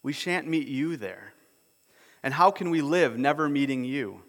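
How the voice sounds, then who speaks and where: A man reading the lines of a pleading, tearful young girl, lifting his pitch a little, in a reverberant hall. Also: lively intonation, unhurried, fairly bright tone.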